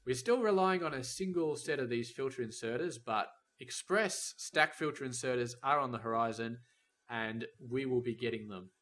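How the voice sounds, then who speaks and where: A man talks through a factory-building game in a relaxed, rambling way. His voice sits at an ordinary middle pitch as he weighs options aloud and now and then scolds the game's robots and trains. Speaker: gameplay commentator. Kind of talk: casual let's-play commentary.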